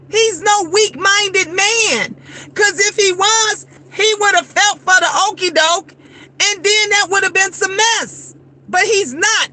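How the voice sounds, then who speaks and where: A woman in her fifties talks straight to her phone camera after her shift, blunt and animated, acting out the people she quotes. Her voice sits high and bright. A faint hum of a vehicle runs underneath. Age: 50s. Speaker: vlogger. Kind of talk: casual chat.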